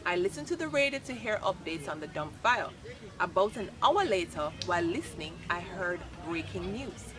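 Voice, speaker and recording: A woman reading a children's chapter book aloud, lively and expressive. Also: on the low side, moderate pace, music in the background. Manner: expressive, lifts voice for quoted lines. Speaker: storybook reader. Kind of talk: read-aloud children's story narration.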